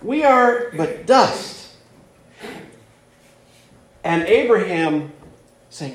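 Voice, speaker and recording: A man's voice: high voice, expressive, measured pace. A man preaching a sermon that teaches through a Bible passage, earnest, repeating words and leaning on fillers as he explains. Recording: roomy echo.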